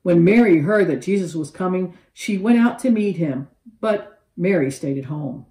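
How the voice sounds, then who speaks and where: A woman teaching a children's Bible lesson, telling the story with animated, expressive voices for each character. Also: lowish voice, unhurried, roomy sound, rough recording.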